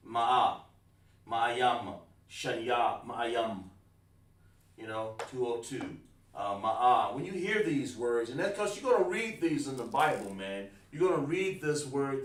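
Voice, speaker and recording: A man teaching a Hebrew counting class in a casual, informal way, often repeating himself and saying "man". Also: mid-range voice. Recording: roomy, distant mic.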